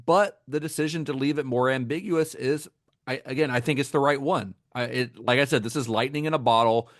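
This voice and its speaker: A man co-hosting a film podcast, chatting casually and with enthusiasm, often restarting his sentences. His voice sits at a middle pitch and sounds dry and close to the mic, with no room echo. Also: fairly quick. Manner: enthusiastic, frequent fillers and restarts. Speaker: podcast co-host.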